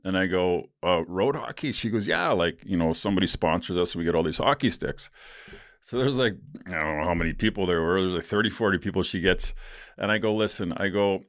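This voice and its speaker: A middle-aged man with a lowish voice, hosting a podcast and telling stories in a casual, meandering way. He stumbles, restarts and drops the odd swear word. The sound is dry and close, with no room around it. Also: brisk, fairly bright tone, dry recording. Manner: rambling, frequent restarts and fillers, blunt swearing. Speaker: podcast host. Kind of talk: casual storytelling.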